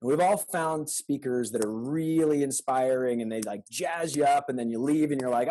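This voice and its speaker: A man's voice: medium pitch, moderate pace, hardly any pauses, dark tone, poor audio. A man hosting a podcast in a casual, conversational way, talking loosely with fillers. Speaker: podcast host. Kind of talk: casual chat.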